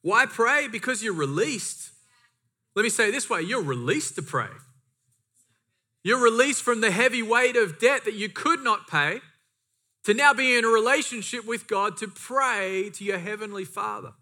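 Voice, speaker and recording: Reading from scripture, this male pastor delivers a sermon, repeating key points emphatically and dropping in casual asides. He has a high voice with lively intonation and a sharp tone, speaking at a moderate pace.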